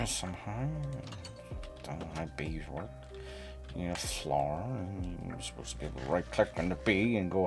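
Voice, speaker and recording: Playful man streaming a game, animated. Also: low voice, normal speed, creaky, music in the background. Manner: playful, chatty, talks to game creatures, bursts of laughter. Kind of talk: casual gameplay stream chat.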